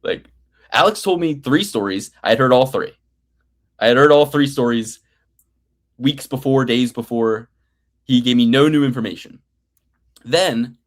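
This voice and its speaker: A man's voice: mid-range voice, unhurried, long pauses. Profane rambling man in his thirties. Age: 30s. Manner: rambling, profane, playfully grandiose. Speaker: betting picks show host. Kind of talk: casual podcast banter.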